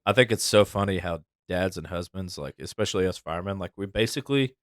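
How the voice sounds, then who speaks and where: A man's voice: deep voice, fast talker, no room sound, clean studio sound. A man hosting a casual podcast, telling stories in an easygoing way and laughing often. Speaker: podcast host, firefighter. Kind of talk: casual chat.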